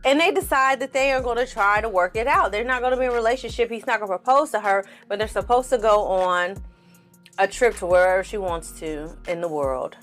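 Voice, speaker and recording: A woman's voice: mid-range voice, a little fast, a bit bright, faint music behind. A woman giving a casual reaction commentary on a TV show, blunt and sassy, swearing freely and talking straight to her viewers. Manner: talks straight to the audience. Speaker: TV reviewer.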